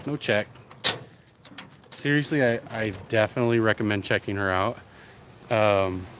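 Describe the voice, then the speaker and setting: A man's voice: on the low side, reverberant, noisy background. A young man rambling casually to his viewers, swearing freely as he chats about his day. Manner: rambling, profane, chatty. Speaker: vlogger.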